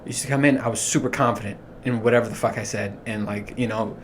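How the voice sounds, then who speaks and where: A man in his thirties hosting a podcast, telling his stories in a casual, profane, animated way and laughing as he goes. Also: lowish voice, fast talker, a little hiss or hum. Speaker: podcast host. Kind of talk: casual storytelling monologue.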